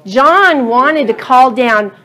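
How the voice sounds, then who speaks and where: With a high-pitched voice and a slow, deliberate pace, a middle-aged woman retells a Bible story for her study group, earnest and animated until she builds to emphatic passion.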